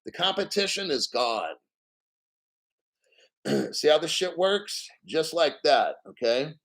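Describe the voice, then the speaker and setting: A man's voice: on the high side, big pitch swings, slow pace, vocal fry, fairly bright tone. A middle-aged man hosting a casual livestream, ranting bluntly and profanely and checking in with "okay?". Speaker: crypto livestream host.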